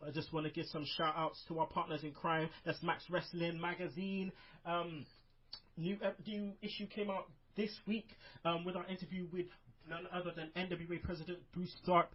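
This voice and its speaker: A man's voice: a little high, level tone, moderate pace. A man hosting a casual wrestling podcast, rambling with lots of fillers in an upbeat way, over a muffled online call. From United Kingdom. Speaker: podcast host.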